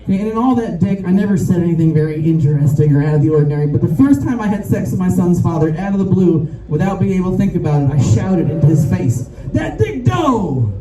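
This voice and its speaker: A woman's voice: on the low side, fast talker, few pauses. A middle-aged woman performing a brash, profane stand-up comedy set with crowd work. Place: rooftop bar show with a live audience. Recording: echoey, distant mic, crowd noise.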